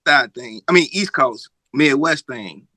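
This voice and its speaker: A man's voice: medium pitch, animated, a little slow, sharp tone, no echo. A man hosting a casual interview, asking probing hypothetical questions. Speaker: podcast host.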